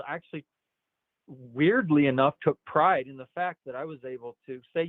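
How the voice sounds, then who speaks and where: Brief: middle-aged man, personal storytelling, stammering restarts, pitch jumps up in quoted speech, thin telephone-band audio. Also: no echo. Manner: halting, repeats words, rises sharply when quoting others. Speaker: interview guest. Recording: tinny phone-like line.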